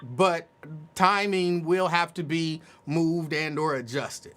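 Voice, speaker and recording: Brief: male host, bright tense voice, relaxed banter, likes to correct people. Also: fairly high pitch, takes it slowly. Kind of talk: casual radio talk.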